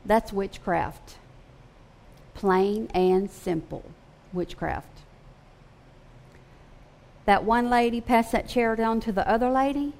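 A woman's voice: mid-range voice, a little mellow. A woman firmly and matter-of-factly commenting on a video clip she disagrees with. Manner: firm, matter-of-fact.

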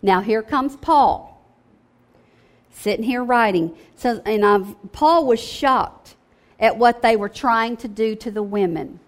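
A woman's voice: fairly high pitch, takes it slowly. Woman preaching, chatty and emphatic. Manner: conversational, emphatic, keeps asking "okay?". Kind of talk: sermon.

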